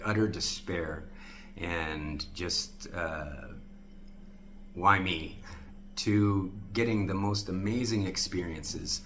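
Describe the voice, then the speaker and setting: A man's voice: sits low, a bit bright, a little hiss or hum. A man earnestly telling a personal story, often quoting people in a livelier voice. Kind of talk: personal anecdote.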